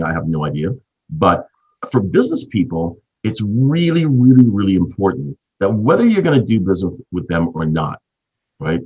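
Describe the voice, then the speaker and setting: A man in his fifties from Canada, hosting and telling a business story as an animated storyteller with a husky voice. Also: muffled recording. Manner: animated storyteller, big swings in pitch. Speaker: host.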